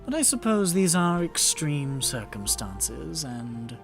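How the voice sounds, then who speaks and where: A game master voicing Queen Titania, a regal, weary fairy queen who speaks in a slow, measured, dry way. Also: medium pitch, big pitch swings, vocal fry, over music, full character voice.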